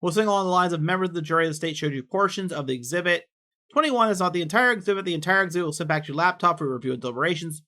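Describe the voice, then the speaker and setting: Fast-talking bright-voiced man reading records. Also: a little high. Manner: quick, offhand reading that slips into personal asides. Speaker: online commentator reading court records. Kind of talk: reading documents aloud with casual commentary.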